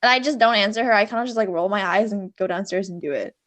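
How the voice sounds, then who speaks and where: A woman's voice: mid-range voice, fast talker. A young woman co-hosting a podcast, telling stories in a casual, rambling way with lots of fillers. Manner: filler-heavy, animated storytelling. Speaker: podcast co-host. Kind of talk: casual chat.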